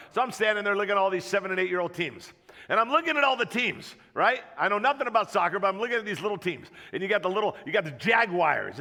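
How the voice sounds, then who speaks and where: Animated storytelling pastor in a reverberant hall. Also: male voice, high voice, gravelly. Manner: animated, jokey storyteller acting out voices. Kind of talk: sermon storytelling. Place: church auditorium. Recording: long reverb of a church hall.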